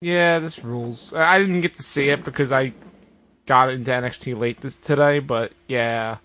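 A man co-hosting a casual wrestling podcast, riffing quickly and sounding exasperated. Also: medium pitch, a bit bright. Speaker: podcast co-host.

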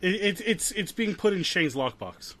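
A man's voice: sits high, big pitch swings, moderate pace, a crowd in the background. A man co-hosting a casual podcast who makes sarcastic, joking remarks. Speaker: podcast co-host. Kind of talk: casual chat.

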